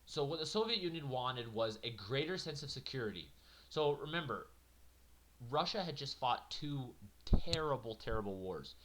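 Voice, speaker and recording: A man teaching a history lecture in a conversational, animated way with jokey asides. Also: mid-range voice, normal speed, slight background noise. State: yawning, a little tired.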